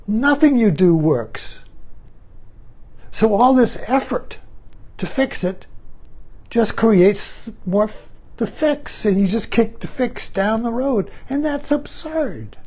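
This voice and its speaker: A woman's voice: a little high, expressive, slow, long pauses, a little mellow. A woman giving a reflective spiritual talk as a meditation teacher, musing, repeating phrases and chuckling often.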